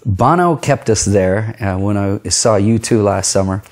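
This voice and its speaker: A vocal coach with a lowish, darkish voice speaks a little slowly as he teaches a casual, conversational singing lesson. He explains vocal tone and pauses to demonstrate sounds, filmed on camera.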